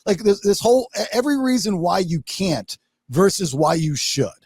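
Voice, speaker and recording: Gravelly, animated podcast host. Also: male voice, sits high, normal speed, no echo, studio quality. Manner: animated storytelling, swearing, acts out quotes. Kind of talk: casual podcast chat.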